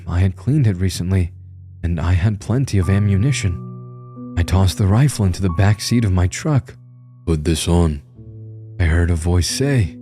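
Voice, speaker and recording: A man's voice: deep voice, warm tone. A man narrating a first-person horror story in a tense, grim storytelling manner.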